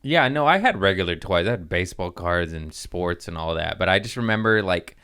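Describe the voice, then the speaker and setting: A man's voice: low-pitched, brisk, smooth. A man hosting a comedy podcast, chatting casually, swearing freely and acting out little voices as he tells stories. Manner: animated storyteller, swears freely, acts out voices. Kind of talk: casual chat.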